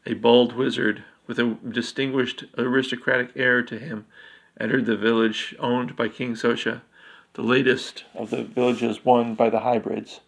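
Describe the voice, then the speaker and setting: A man reads a dark fantasy story aloud in an even, level tone with a gravelly edge. His delivery stays steady and unhurried. Now and then he trips over a word and corrects himself. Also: mid-range voice. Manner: steady, with slips and self-corrections. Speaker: narrator.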